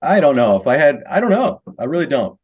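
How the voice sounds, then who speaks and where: A man's voice: medium pitch, very animated, quick pace, breathy edge, muffled recording. A middle-aged man from Missouri chats as a podcast guest in an ordinary mid-range voice. He tells rambling stories and laughs easily between them. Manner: laughs often, loose storytelling. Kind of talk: casual podcast chat.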